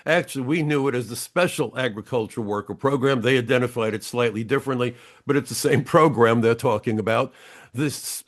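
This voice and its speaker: A man's voice: medium pitch, fairly quick. An older man, a retired immigration agent, speaking as an interview guest with blunt, emphatic storytelling.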